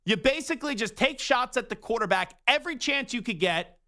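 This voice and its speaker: Young male sports radio host, high, bright voice, opinionated and emphatic. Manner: animated, emphatic, rapid rhetorical questions. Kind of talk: opinionated sports talk monologue.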